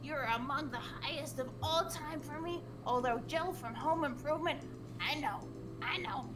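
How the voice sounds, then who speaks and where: A woman co-hosting a game stream, reading a silly fan letter in a deadpan comic way. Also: high-pitched, noisy background. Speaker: stream co-host.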